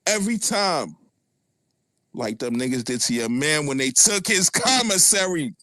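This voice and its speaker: A man's voice: fairly high pitch, big pitch swings, measured pace, pushed and bright, no room sound. A man with a Brooklyn accent trash-talking a rival on a live audio chat in a taunting, profane, mocking way. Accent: Brooklyn New York.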